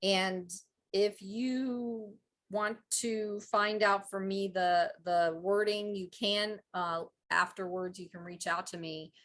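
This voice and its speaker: A woman hosting a live coaching call who reads oracle cards and leads repeat-after-me healing affirmations in a gentle, measured way. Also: medium pitch, steady tone. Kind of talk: slow guided healing talk with card reading.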